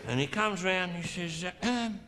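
A middle-aged man telling a crude, drawn-out stand-up story on a theatre stage, with theatrical pauses. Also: high-pitched, expressive, bright, forceful tone. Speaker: stand-up comedian. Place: theatre stage before a laughing audience.

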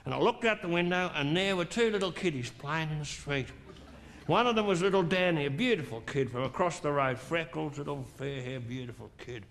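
Man, high voice, crude theatrical stand-up storytelling, live stage with audible noise. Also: expressive, fairly quick, vocal fry, a bit bright. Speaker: stand-up comedian. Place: theatre stage before a laughing audience.

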